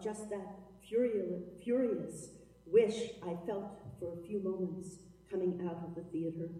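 A woman's voice: on the low side, dark tone. A woman giving a dramatic spoken-word performance, chanting and sometimes half-singing her lines. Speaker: performance poet. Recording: reverberant hall, from far off.

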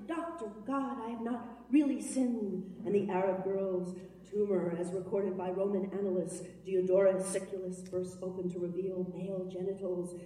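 A woman's voice: mid-range voice, warm tone. A woman performing incantatory spoken word in a hall. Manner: incantatory, chanting, sometimes half-sung. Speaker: performance poet. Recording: reverberant hall, from far off.

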